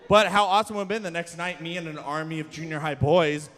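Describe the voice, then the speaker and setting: A young man doing stand-up comedy at a live event, telling self-deprecating stories with sudden shouts. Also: on the high side, level tone, fast. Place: large hall, live event. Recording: long hall reverb from a live venue.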